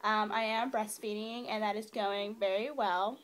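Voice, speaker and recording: A woman's voice: mid-range voice, fairly even intonation, moderate pace, slight background noise. A young woman telling a rambling personal story to her camera, with many fillers, while feeding her baby. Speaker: new mother vlogger.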